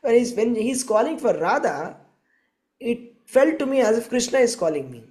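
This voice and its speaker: A man's voice: very high-pitched, big pitch swings, moderate pace, a little mellow, pitched above the performer's own voice. A man voicing Radharani, a wondering young goddess. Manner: earnest, wondering retelling of a dream.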